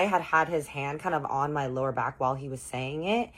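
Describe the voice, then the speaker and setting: A woman telling a storytime tale to camera, animated and blunt, acting out quotes and swearing. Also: deep voice, brisk.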